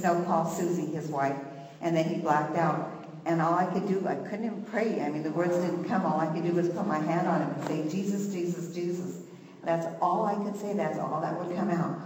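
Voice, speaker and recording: Deep-voiced woman telling a church testimony. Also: a little mellow, roomy sound, in a large hall, slight background noise, rough recording. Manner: storytelling, earnest, acts out the voices in her story. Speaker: church member giving testimony. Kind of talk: personal testimony.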